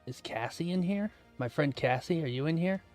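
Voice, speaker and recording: A man running a day-trading live stream, chatting casually and answering viewers' comments aloud, relaxed and quick to laugh. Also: a little high, faint music behind. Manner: relaxed, laughs often, trails off mid-thought.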